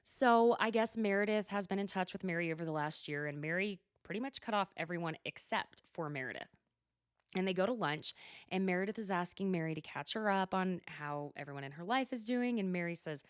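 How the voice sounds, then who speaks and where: A young adult woman hosting a solo TV recap podcast, gossipy and animated, swearing freely and laughing often. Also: medium pitch, brisk, no echo, studio quality. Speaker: podcast host. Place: lives at altitude, records at home.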